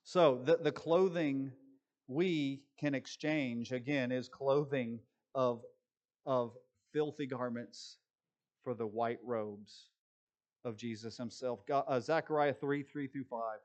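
A man's voice: medium pitch, a little mellow, dull audio. Man preaching a conversational sermon. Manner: conversational preaching, shifting between brisk asides and slow scripture reading. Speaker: pastor.

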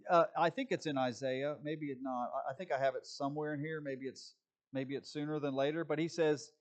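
A man preaching a sermon in a fairly high voice. He talks to the congregation like a conversation, then punches key points loudly before dropping back to soft, quick asides. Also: steady tone. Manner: conversational preaching with swings between loud emphasis and quiet asides. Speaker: pastor.

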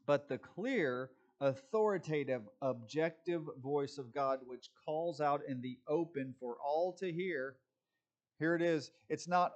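A man teaching informally from the Bible, talking conversationally with fillers and restarts, and mocking other views in quick put-on voices. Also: fairly high pitch, darkish tone.

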